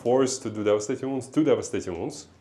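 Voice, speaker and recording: A man's voice: mid-range voice, fast talker, warm tone, slight background noise. A man with a Russian accent calling a tabletop battle casually, laughing often and correcting his own counts. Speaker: tabletop game player. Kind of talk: casual battle report play-by-play.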